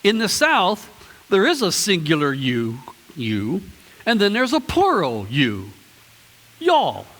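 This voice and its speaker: A man's voice: high-pitched, wildly swooping pitch, a little slow, a bit bright. A man preaching a sermon to his congregation, conversational and chatty with playful asides. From Ohio, US. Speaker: pastor. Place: church sanctuary. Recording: long church reverb.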